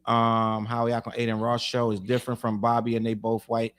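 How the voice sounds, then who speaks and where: A man co-hosting a podcast in casual chat, rapid and animated, cursing freely and repeating words as he restarts. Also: mid-range voice. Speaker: podcast co-host.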